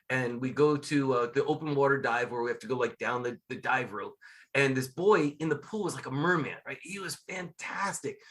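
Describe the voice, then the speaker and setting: Guesting in a relaxed interview, this middle-aged man, both a scuba-diving instructor and a magician, has a slightly high voice. He recounts spirited tales and dramatizes what people said along the way.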